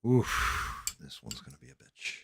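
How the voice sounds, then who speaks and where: A man's voice: a little slow, noisy background. A man hosting a livestream, chatting casually while he paints, swearing freely and muttering to himself as he works. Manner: relaxed, rambling storytelling. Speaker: livestream host.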